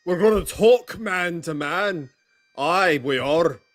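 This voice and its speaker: A brash, boisterous mock Irish man, as a man puts him on, his brogue drifting into Scottish. His voice sits high and loud, and he drags out his words as he calls for a talk man to man. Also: expressive, takes it slowly. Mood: blustering.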